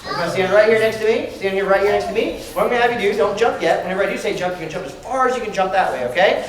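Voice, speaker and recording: A man presenting a live animal show to children, talking with them in lively call-and-response. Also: high voice, rapid-fire. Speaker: animal educator. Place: large library room with a child audience. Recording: echoey hall, distant mic, crowd noise.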